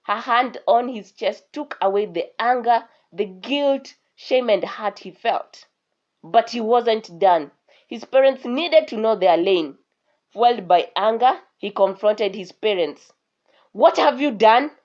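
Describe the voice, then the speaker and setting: A woman storyteller giving an expressive, scripted narration of a folk tale. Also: medium pitch, slow. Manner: expressive reading. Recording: dull lo-fi recording.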